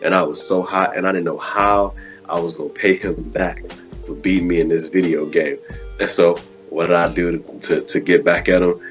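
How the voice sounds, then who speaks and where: A man's voice: deep voice, normal speed, faint music behind. A man hosting a live web show, telling a story casually and acting out the quotes, with "man" in nearly every sentence. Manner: animated storyteller, acts out quotes, says "man" often.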